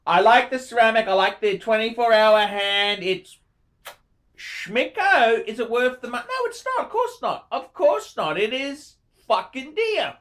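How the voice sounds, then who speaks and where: Swearing, excitable man in his forties. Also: very high voice, unhurried. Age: 40s. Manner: profane and emphatic, repeats words for emphasis; effusive, enthusiastic. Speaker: watch channel host. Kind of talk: casual review monologue.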